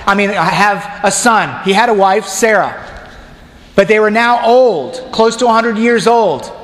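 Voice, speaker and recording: A man's voice: sits high, a little slow, fairly bright tone. A man preaching a sermon casually, joking with the congregation and talking to them directly. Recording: long hall reverb.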